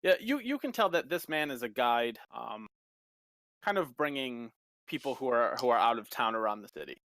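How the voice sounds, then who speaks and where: A man running a tabletop game as game master, narrating casually and haltingly. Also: mid-range voice, big pitch swings, a bit bright, no echo. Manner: casual, halting, many fillers.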